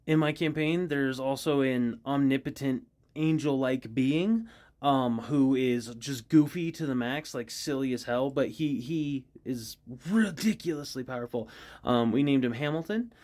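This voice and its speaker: A man's voice: medium pitch, unhurried, a little mellow. A man chatting casually about his characters, rambling and giggling, with lots of fillers. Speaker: voice actor vlogger. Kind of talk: casual chat.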